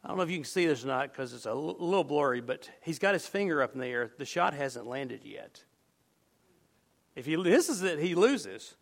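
A middle-aged man preaching a sermon, earnest and emphatic, dropping to a low murmur on key words. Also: expressive, normal speed, vocal fry.

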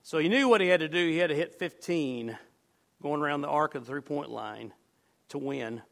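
A middle-aged male preacher delivers his sermon with earnest emphasis. His voice sits a touch high and carries a gravelly rasp, and he drops to a low murmur on the words he wants to land. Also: normal speed, fairly bright tone.

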